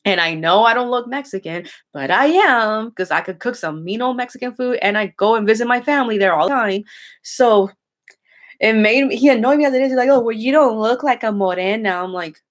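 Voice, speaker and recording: A woman's voice: a little high, lively intonation, a little fast. A young woman chatting casually and bluntly with her viewers, swearing freely and rambling with many restarts. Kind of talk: casual chat.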